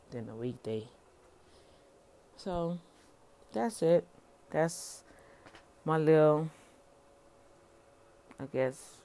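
A woman's voice: low-pitched, mellow. Preachy middle-aged woman ranting casually. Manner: preachy, addresses listeners as y'all; repeats words and restarts often. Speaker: entrepreneur. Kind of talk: casual motivational rant.

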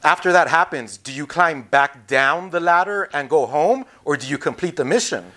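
A man's voice: on the high side, animated, moderate pace, bright, forceful tone. A man hosting a podcast, asking a guest short, curious questions. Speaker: podcast host. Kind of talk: interviewing a guest.

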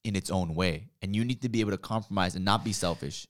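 A young man cohosting a podcast, joking with a deadpan, dry humor. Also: sits low, fast talker. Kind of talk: casual podcast chat.

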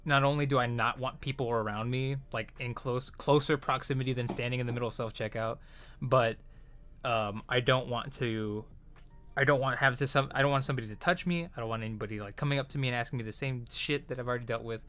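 A man's voice: medium pitch, fairly even intonation, quick pace, fairly bright tone. A man casually telling a frustrating story from his retail job, rambling and swearing, with lots of fillers and restarts. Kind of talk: casual chat.

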